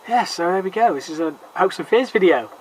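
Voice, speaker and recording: Man, slightly high voice, rambling casual chat, faint background hiss. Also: lively intonation, fairly quick, poor audio. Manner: rambling, joking, laughs often. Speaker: vlogger. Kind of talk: casual chat between friends.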